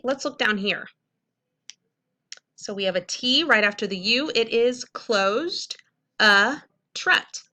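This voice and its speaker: A woman's voice: mid-range voice, sharp tone. A young woman teacher patiently explaining a reading lesson to middle schoolers, checking in often. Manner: clear, patient explaining with frequent "okay?" checks.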